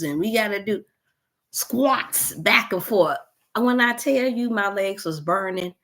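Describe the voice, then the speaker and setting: A woman hosts a wellness talk. She tells a personal testimonial in an animated way, with sighs and exclamations throughout. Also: mid-range voice. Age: 50s. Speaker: wellness show host. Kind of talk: testimonial storytelling.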